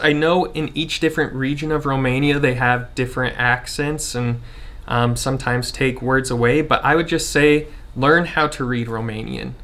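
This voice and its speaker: A man's voice: medium pitch, moderate pace. A man in his twenties with an American accent, explaining things casually to camera with plenty of fillers. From Utah, United States. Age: 20s. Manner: relaxed, informal, many fillers. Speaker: vlogger.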